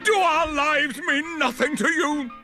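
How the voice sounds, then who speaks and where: A desperate soul begging heaven for mercy, the voice high, sharp and cracking with tears. This is a dramatic clip from a film, with soft music underneath. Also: unhurried, full character voice. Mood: anguished pleading. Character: desperate person pleading to God.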